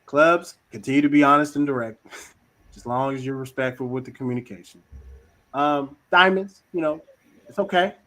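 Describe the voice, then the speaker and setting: A man hosting a casual talk on communication styles, slangy and animated, acting out little quoted voices. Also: mid-range voice, normal speed, low-quality recording. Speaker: host.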